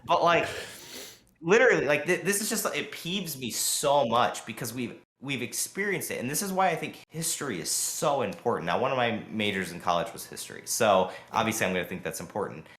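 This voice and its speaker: A man co-hosting a podcast, talking fast and heatedly in a long rambling rant full of fillers. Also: mid-range voice, animated, fairly bright tone, echoey room. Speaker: podcast co-host. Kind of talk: casual podcast chat.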